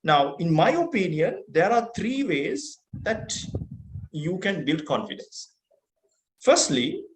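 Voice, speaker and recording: A man with a Sri Lankan accent giving a motivational keynote speech, earnest and full of rhetorical questions. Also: high-pitched. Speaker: keynote speaker. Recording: roomy echo.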